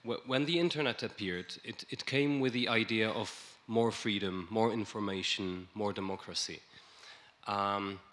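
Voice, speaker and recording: A man speaking as a panelist at a conference, in a measured way with frequent restarts. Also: lowish voice, a bit bright. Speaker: panelist, EU official. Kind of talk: panel talk. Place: conference hall.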